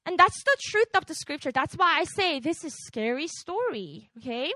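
A woman's voice: sits high, very animated, moderate pace, pushed and bright, no echo. A woman giving a casual sermon, chatting with her listeners and quizzing them with "right?" as she goes. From outside America. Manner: conversational, keeps quizzing the audience with "right?". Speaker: preacher. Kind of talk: casual sermon to a young congregation.

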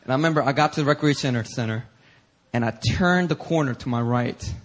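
A man pastor preaching a sermon through an animated story, acting out voices and bursting into shouts. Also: mid-range voice, fast.

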